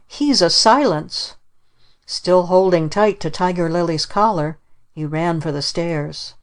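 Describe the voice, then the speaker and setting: A woman narrating a children's storybook in a measured way. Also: lowish voice, steady tone, a little mellow, clear, resonant tone. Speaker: audiobook narrator. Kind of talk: scripted narration.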